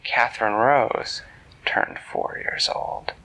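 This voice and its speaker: A man's voice: mid-range voice, fairly even intonation, slow pace, pushed and bright, low-quality recording. A man telling an improvised bedtime story to his children in a playful way, sometimes dropping to a whisper. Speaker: parent storyteller.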